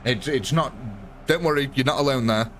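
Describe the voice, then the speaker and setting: A man's voice: medium pitch, fairly quick, a bit bright, slight background noise. A young man with a northern English accent, chatting on a live stream, answering viewers by name and laughing often. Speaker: game streamer. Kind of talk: live-stream chat and commentary.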